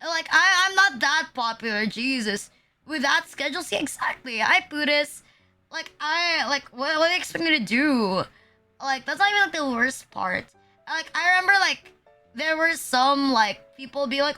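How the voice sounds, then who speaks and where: Young woman from the philippines streaming, high bright voice, rambly and sweary, soft music behind. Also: animated, normal speed. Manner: rambling, swears a lot, lots of "like". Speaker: VTuber streamer. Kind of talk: casual livestream chat. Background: faint music.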